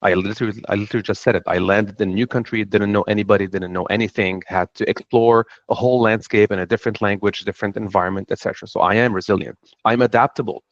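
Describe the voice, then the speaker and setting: A man's voice: fairly low pitch, fairly even intonation, fast talker, dry recording. Lebanese-accented man telling his story. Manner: earnest, reflective storytelling. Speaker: panelist. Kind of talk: panel talk. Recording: dull dry sound.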